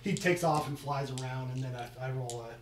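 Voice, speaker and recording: A man's voice: medium pitch, fairly quick, a loud crowd. A man playing a tabletop game, thinking aloud through the rules with hesitant stops. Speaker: player. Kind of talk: casual tabletop game chat. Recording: echoey room, mic far off, faint noise.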